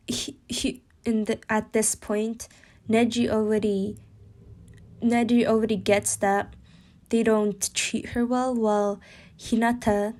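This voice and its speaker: A woman's voice: medium pitch, darkish tone. A young woman casually narrating a fan story she makes up as she goes, rambling with fillers and self-corrections.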